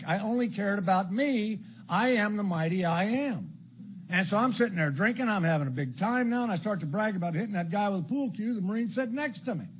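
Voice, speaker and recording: An older man from Illinois sharing his story at a recovery meeting, blunt and crude, with dark humor. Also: high voice, slightly rough. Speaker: AA speaker. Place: meeting hall before an audience. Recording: dull lo-fi talk recording with faint background noise.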